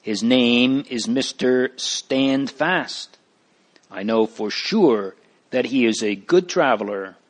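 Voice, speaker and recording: A man voicing a kindly, wise old male pilgrim in a storybook reading, gentle and fatherly. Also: mid-range voice, slow pace.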